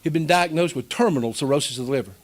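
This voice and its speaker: A man's voice: a little high, rapid-fire. A middle-aged man, preaching a folksy, emotional storytelling sermon as pastor.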